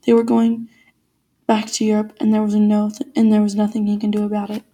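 Woman reading a chapter out loud, mellow voice, pretty flat. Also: mid-range voice, a little fast. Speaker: reader. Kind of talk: reading a novel aloud.

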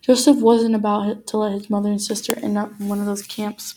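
Woman reading a chapter out loud, mellow voice, pretty flat. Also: mid-range voice, brisk, slight background noise. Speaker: reader. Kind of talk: reading a novel aloud.

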